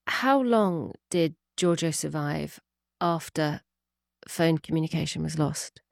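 Female interviewer, low-pitched, halting questions, dry studio sound. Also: vocal fry, a little mellow, no echo. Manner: hesitant, restarts and repeats words. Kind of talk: documentary interview.

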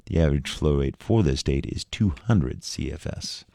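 Local radio host, male, deep and mellow, steady read, dry booth. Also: gravelly, no room sound. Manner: steady, measured reading. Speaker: local public radio announcer. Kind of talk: read river report and sponsor credits.

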